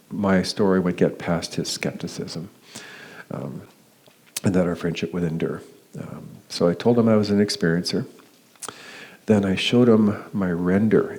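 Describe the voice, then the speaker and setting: Low-voiced man telling a story. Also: a little mellow. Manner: hesitant, many fillers and restarts; acts out quoted dialogue with raised pitch. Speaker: conference speaker. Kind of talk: personal story told as a lecture.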